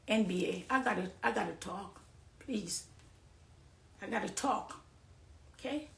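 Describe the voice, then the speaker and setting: A middle-aged Jamaican woman giving an impassioned personal testimony on a live stream, preachy, swinging between hushed confiding and loud accusing. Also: a little high, gravelly, reverberant. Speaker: dancehall artist on a live stream.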